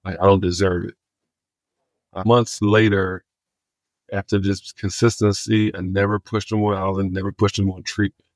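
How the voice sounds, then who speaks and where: Podcast guest, man; animated storyteller who acts out the dialogue, low voice. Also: moderate pace, dry recording. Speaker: guest, homelessness outreach worker.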